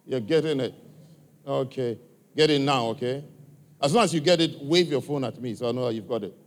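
Here a man of medium pitch talks a little fast, his African accent clear as he addresses a church audience live and coaxes answers from individuals in the crowd. Sound from the large hall trails off in a long reverb.

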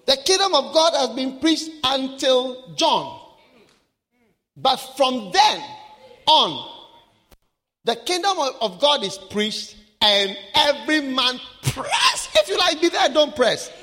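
A man preaching a sermon, shouting and acting out Bible characters in an echoey hall with a crowd. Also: extremely high pitch, sing-song, slow.

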